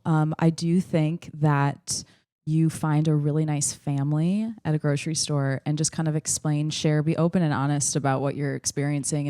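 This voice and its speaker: A woman comedian offering deadpan, faux-therapeutic advice in a comedy game. Her voice is low and mellow, and the recording is close and dry. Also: smooth, dry recording. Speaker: comedian contestant.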